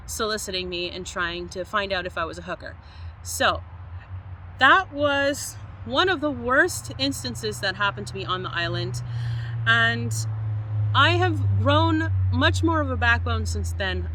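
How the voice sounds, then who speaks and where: A young woman from Canada, a van-life vlogger, telling a story in an animated way and laughing often. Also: a little high, slight background noise. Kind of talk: storytime vlog.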